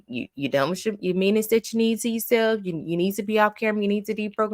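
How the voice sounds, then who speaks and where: A woman's voice: mid-range voice, animated, quick pace, few pauses, no echo, studio quality. A woman giving a casual recap and review of a reality show, blunt and opinionated, venting her exasperation.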